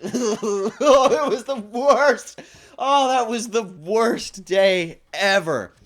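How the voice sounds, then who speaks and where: A man hosting his own stream award show, talking in a loose, self-mocking way. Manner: animated and self-mocking, quick swings in pitch. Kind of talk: casual stream chat.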